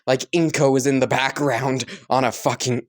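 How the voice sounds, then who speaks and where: A man's voice: medium pitch, fairly even intonation, moderate pace. A man casually improvising and narrating a fan story, rambling, joking and correcting himself.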